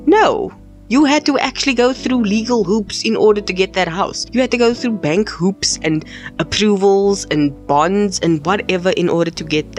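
A young woman hosts her own podcast and rants with emphatic, exasperated force. Her voice sits a little low for a woman. Faint music plays softly behind her. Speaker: podcast host. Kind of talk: solo podcast rant.

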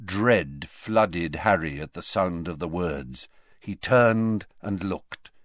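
A man narrating a fantasy novel in an expressive, dramatic reading. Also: deep voice, takes it slowly, no echo, studio quality. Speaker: audiobook narrator.

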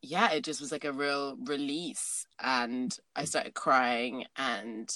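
A woman with a notably low voice, chatting in a candid, rambling way and laughing often. Her voice is recorded dry and close. She sounds like she is in her thirties. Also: steady tone, slow, sharp tone, no echo. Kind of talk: casual chat.

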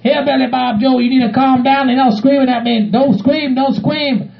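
A man doing a squeaky, gravelly sidekick. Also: steady tone, moderate pace. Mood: pleading calming. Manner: pleading, soothing, repetitive. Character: anxious gravelly sidekick friend, male. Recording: muffled recording.

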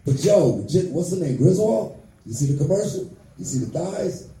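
A fifty-something man performs a crude, brash stand-up bit, his voice high for a man yet very dark and mellow. He sits back from the mic in an echoey room. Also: lively intonation, moderate pace, recorded from a distance. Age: 50s. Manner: profane, brash, swings loud and quiet. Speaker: stand-up comedian. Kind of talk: stand-up comedy set.

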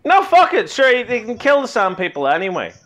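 A man's voice: high-pitched, brisk. A man cohosting a podcast, telling crude stories and jokes with lots of swearing and laughter. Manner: profane, giggly, animated storytelling. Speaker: podcast co-host. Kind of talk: crude comedy banter.

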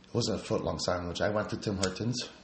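A man's voice: low-pitched, fairly even intonation, brisk. A man co-hosting a comedy podcast in a laid-back, jokey way. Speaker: co-host. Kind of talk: casual comedic banter. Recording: echoey room, audible noise.

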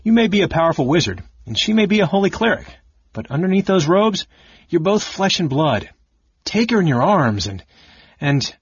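A man reading an audiobook, voicing a blunt, hot-headed male warrior who speaks loudly and higher than his narration. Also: sing-song, normal speed, husky, no room sound, highs cut off. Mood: exasperated. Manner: loud, blustering, raised.

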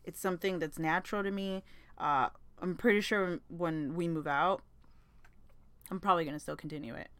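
A woman's voice: on the low side, fairly even intonation, moderate pace, clear, resonant tone, no echo. A young woman hosting a podcast, chatting in a rambling, casual way, swearing freely and laughing often. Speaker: podcast host. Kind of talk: casual chat.

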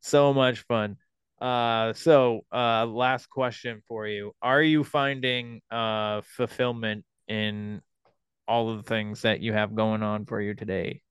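Smooth-voiced, easygoing podcast host. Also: male voice, fairly low pitch, fairly even intonation, dry recording. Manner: easygoing, agreeable, quick to say yeah and for sure. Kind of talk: casual podcast interview.

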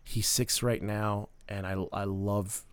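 A man's voice: on the low side, level tone, slow pace, clear, resonant tone, no room sound. A man in his thirties from Minnesota, hosting a podcast and telling his life story in an earnest, heartfelt way with many fillers. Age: 30s. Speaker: podcast host. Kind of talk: personal storytelling monologue.

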